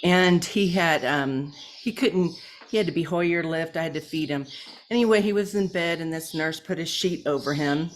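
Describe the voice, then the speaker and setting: A woman participant sharing a personal story, quiet and halting with some fillers. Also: low-pitched, a little hiss or hum. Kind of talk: personal testimony.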